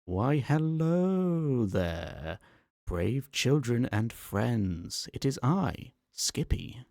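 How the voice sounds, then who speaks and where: A man's voice: mid-range voice, very animated, extremely slow, gravelly, darkish tone, no echo, studio quality, pitched above the performer's own voice, heavily acted. A man voicing a sugary male mascot robot that speaks in a prim English lady's voice, overly sweet and theatrical, in an ASMR story reading.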